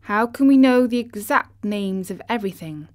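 A woman narrating a children's classic audiobook in a gentle, measured way. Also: mid-range voice, lively intonation. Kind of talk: storybook narration.

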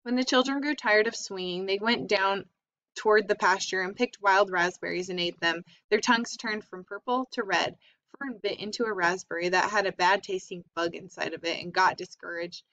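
A woman's voice: medium pitch, normal speed, sharp tone. A woman reading a children's book aloud, plainly, with small slips and self-corrections, on a slightly dull recording. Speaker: reader.

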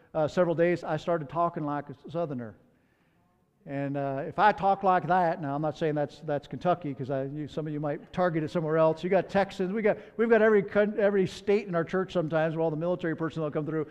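A man's voice: a little high, a little mellow. A man pastor preaching a sermon in a conversational way, with personal asides, in a church sanctuary. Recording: long hall reverb.

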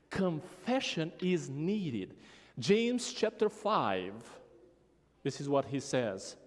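A male pastor delivers a slow, measured sermon in a church. His voice is high and swings widely in pitch as he tells a story and acts out the people in it. A long reverb trails every phrase around the sanctuary. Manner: animated storytelling, acting out a child's and mother's voices.

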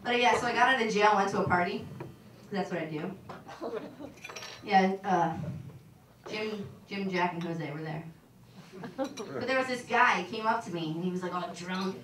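A young woman doing a stand-up comedy set on a club stage, talking in an awkward, deadpan, self-deprecating way. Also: medium pitch, normal speed, pauses often. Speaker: stand-up comic. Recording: echoey room from far off, noisy.

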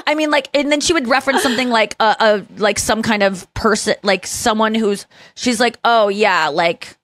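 Animated woman host telling stories. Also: on the high side, normal speed, no echo. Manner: animated storytelling, acts out quoted voices. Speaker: podcast host. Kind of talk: casual chat.

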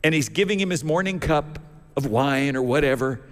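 Man, pastor, folksy sermon storytelling, very animated pitch, long church reverb. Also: normal speed. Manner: folksy storytelling, acts out characters. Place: church sanctuary.

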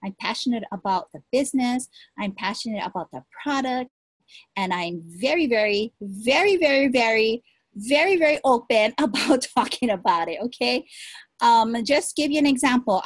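A woman coaching her sales team in an upbeat, encouraging way, circling back to the same points over and over. Her voice sits fairly high with a husky edge. The sound is dry and close, recorded at her desk. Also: no room sound. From Hawaii. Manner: energetic, repetitive, encouraging. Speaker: direct sales team leader. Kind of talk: motivational coaching talk.

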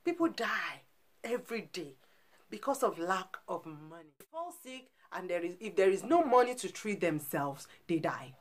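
A woman's voice: lowish voice, sing-song, normal speed. A woman with a Nigerian accent rants to camera in a reaction vlog. Her voice swings widely up and down as she fires off indignant rhetorical questions. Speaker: vlogger.

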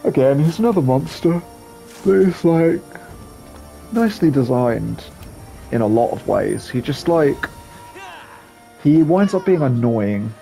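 A man's voice: mid-range voice, lively intonation, unhurried, vocal fry, pauses often, dark tone, faint music behind. A young man giving casual, rambling gameplay commentary as a channel host, hesitant and full of ums.

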